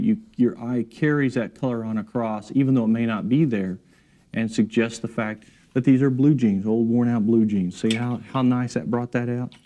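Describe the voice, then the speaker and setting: A man giving a relaxed, encouraging painting demonstration in his studio, talking while he works. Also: mid-range voice. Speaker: painting instructor. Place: art studio.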